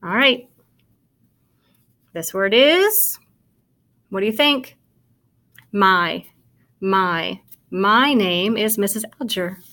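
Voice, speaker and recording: Woman, kindergarten teacher, slow unhurried delivery, sounds out letters, encouraging to children. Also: medium pitch, expressive, fairly bright tone. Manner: spells out letters and sounds words out slowly; encouraging, talks directly to the child watching. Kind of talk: slow, patient phonics lesson for young children.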